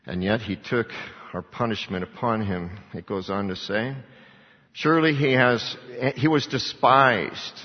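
Husky male preacher in a reverberant hall. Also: on the low side, a little slow. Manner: rhetorical questions to congregation. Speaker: pastor. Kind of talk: sermon with scripture reading. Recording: dull lo-fi recording in a reverberant hall.

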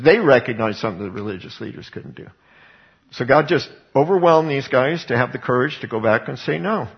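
A man's voice: mid-range voice, lively intonation, brisk, gravelly, muffled recording. A man preaching a Bible teaching sermon, retelling scripture as conversational storytelling. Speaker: pastor.

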